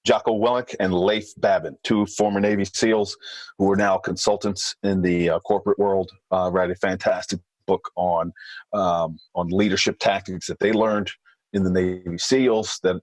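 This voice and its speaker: Low-voiced man explaining calmly. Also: no room sound, rough recording. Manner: measured, explanatory, with thinking fillers. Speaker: guest, former hostage negotiator. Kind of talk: podcast interview.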